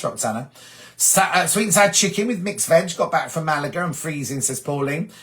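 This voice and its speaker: Man, middle-aged, from England, casual chat, reads and answers comments, slightly high voice. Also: a bit bright. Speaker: host of a sewing live stream.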